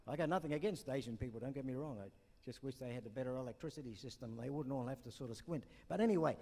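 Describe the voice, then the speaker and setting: A man's voice: medium pitch, animated, fairly quick, warm tone, slightly rough. An older man doing stand-up at an awards night, rambling through jokes and asides. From New Zealand. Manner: rambling joke-teller with asides. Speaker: comedian. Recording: long reverb in a hall.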